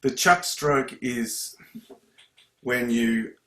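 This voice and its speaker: A man's voice: medium pitch, very slow, background noise. A man teaching a live ukulele lesson on a video call, chatting, breaking off mid-sentence and counting strums aloud. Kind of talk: live online music lesson. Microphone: computer video call. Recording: echoey room on a video call.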